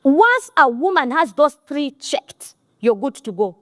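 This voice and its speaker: Ugandan woman, middle-aged, high-pitched, dry close sound, blunt exhorting motivational talk. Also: very animated, a little slow, fairly bright tone, no room sound. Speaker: motivational speaker.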